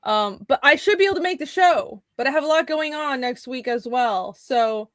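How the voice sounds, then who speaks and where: A woman's voice: high voice, animated, normal speed, no echo. A woman co-hosting a comics livestream, chatting casually in a rambling way that trails off and restarts. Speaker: co-host and comic artist.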